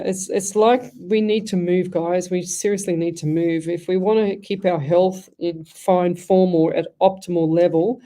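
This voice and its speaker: A middle-aged woman hosts live psychic readings on the radio. Her voice sits low and mellow. She talks in a chatty, rambling flow, restarting phrases as she thinks aloud. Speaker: radio host and psychic medium.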